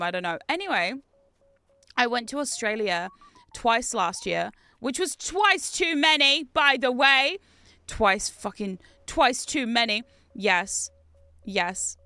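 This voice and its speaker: A woman's voice: high voice, pushed and bright, smooth, no echo. A woman streaming a game, telling stories in a chatty, self-mocking way with frequent laughs. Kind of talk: casual chat while gaming.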